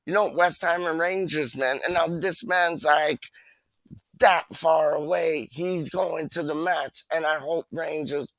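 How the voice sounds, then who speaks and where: A male livestream host talks in a loose, rambling way, repeating phrases and dropping slang at every turn. His voice sits a bit high for a man and comes through dry, with almost no room sound. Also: a little slow, few pauses, fairly bright tone, no room sound. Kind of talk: casual chat.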